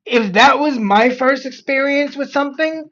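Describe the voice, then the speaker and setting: A woman's voice: sits high, moderate pace, a bit bright. A woman streamer who comments on a video with wry, chatty asides. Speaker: streamer reacting. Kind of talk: casual reaction commentary. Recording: dull lo-fi audio.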